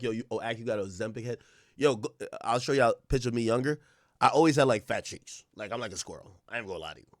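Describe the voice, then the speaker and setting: A man's voice: fairly high pitch, pushed and bright, no echo, studio quality. A man hosting a live stream, reacting to a clip with rambling, laughing, profane commentary. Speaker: livestream host.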